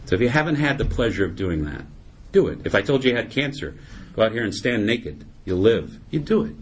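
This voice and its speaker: A man's voice: fairly low pitch, a little fast, a little hiss or hum. A middle-aged man speaking at a recovery meeting, giving a humorous personal testimony. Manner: humorous, animated storyteller.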